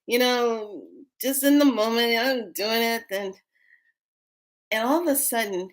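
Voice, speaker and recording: Woman in her fifties, livestream host, playful, laughs a lot, unhurried. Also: fairly high pitch. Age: 50s. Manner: playful, laughs often, animated. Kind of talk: casual storytelling to a live audience.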